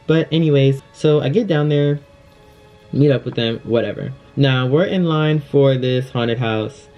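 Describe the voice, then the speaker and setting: A young man telling a personal story in a casual, chatty storytime, packed with fillers and animated retelling. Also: mid-range voice, measured pace, lo-fi sound, soft background music. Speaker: vlogger.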